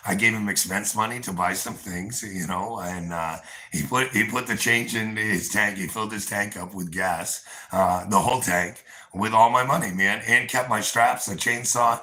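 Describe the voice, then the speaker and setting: A man's voice: fairly low pitch, moderate pace, sharp tone. A man livestreaming, rambling through a profane, boastful rant and talking straight to his viewers, with chuckles between. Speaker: livestream host.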